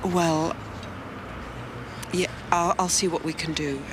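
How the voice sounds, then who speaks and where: An actress playing a senior police detective in a TV drama, speaking gently and coaxingly to a witness. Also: female voice, on the low side, fairly even intonation, slow pace, background noise. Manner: gentle and coaxing, sharpening when questioning.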